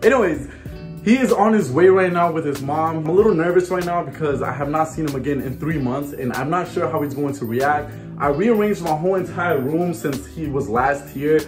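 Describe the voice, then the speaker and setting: A man's voice: fairly high pitch, fairly quick. Man in his 20s, home vlogger; chatty, open, talks right to camera, echoey room, faint music under. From Chicago, USA. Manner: chatty, emotional, talks straight to viewers. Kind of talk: casual vlog talk to camera. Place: his home, indoor rooms.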